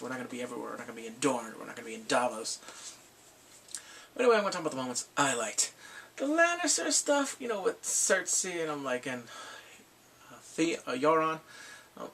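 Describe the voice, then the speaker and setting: A man giving an excitable, casual spoken review of a TV episode, swinging from mumbles to shouts. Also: medium pitch, gravelly, distant mic, a little hiss or hum.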